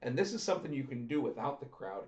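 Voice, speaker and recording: A man's voice: mid-range voice, big pitch swings, fast talker, darkish tone. A man co-hosting a casual podcast, talking animatedly and acting out what others said. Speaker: podcast co-host. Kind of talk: casual wrestling chat. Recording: echoey room, dull lo-fi sound.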